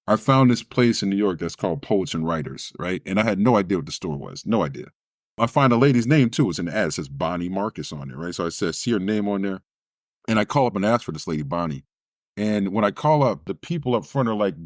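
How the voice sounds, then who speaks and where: A man's voice: low-pitched, fairly quick, no room sound, clean studio sound. A man, a spoken word poet, telling a personal story in an interview and acting out the other people's voices as he goes. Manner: animated storyteller who acts out quoted voices.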